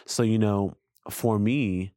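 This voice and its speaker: A man's voice: fairly low pitch, steady tone, slow pace, dark tone, no echo, studio quality. A man co-hosting a casual faith podcast, speaking earnestly and openly about his feelings in his marriage. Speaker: podcast co-host.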